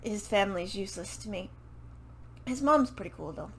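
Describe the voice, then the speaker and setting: This book vlogger has a creaky, mid-range voice and speaks animatedly at a moderate pace into a microphone she turns toward. She chats to camera about a book series, rambling, correcting herself, and swearing casually, over a little hiss or hum in a low-quality recording.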